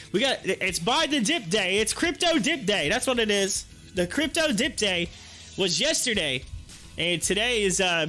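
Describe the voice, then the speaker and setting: A man hosting a live stock-market stream, chatting excitably with his viewers and reading their comments aloud. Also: high-pitched.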